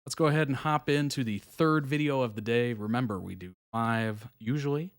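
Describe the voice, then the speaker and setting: A man's voice: mid-range voice, normal speed. A man hosting a live reaction stream, chatting casually and laughing often between remarks. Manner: relaxed, chatty, reads viewer comments aloud; frequent soft laughs and fillers.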